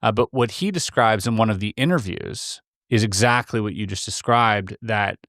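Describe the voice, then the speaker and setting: A male host with a lowish voice chats casually and retells secondhand stories in a relaxed way. The sound is dry and close-miked. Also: normal speed, no echo. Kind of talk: casual interview chat.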